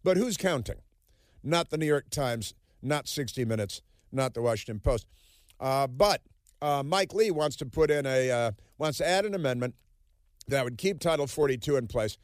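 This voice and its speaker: A man's voice: mid-range voice, animated, normal speed, no echo, clean studio sound. A man hosting a talk radio show, delivering a sarcastic, rambling opinion monologue full of fillers and asides.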